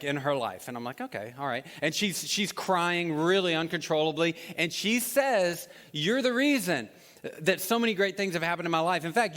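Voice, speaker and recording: Male pastor, high-pitched, chatty storytelling sermon, reverberant hall sound. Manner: storytelling, animated and conversational. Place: church auditorium.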